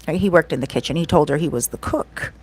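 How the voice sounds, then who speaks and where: A chatty woman vlogger tells a story in a relaxed, casual way. Her voice sits a little low, and she keeps checking in with her viewers as she talks. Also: quick pace, husky. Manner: chatty, often asks "right?" and says "like".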